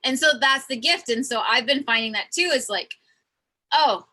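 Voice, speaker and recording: Bright-voiced woman chatting about spirituality, earnest and animated, kinda high. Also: normal speed, low-quality recording. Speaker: host. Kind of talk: casual spiritual chat.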